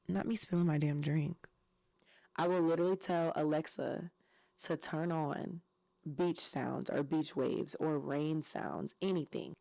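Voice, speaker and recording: A woman's voice: deep voice, a little mellow. A young woman from Southwest Florida hosting her own podcast, chatting casually and playfully with plenty of slang and laughter. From Southwest Florida, USA. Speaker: podcast host. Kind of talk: casual chat.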